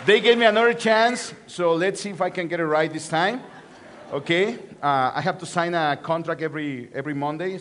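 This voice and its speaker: A man's voice: high-pitched, fairly bright tone, slight background noise. A middle-aged man with a Mexican accent, a Spanish native speaker, preaching a sermon to a church and joking with the congregation. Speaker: guest preacher.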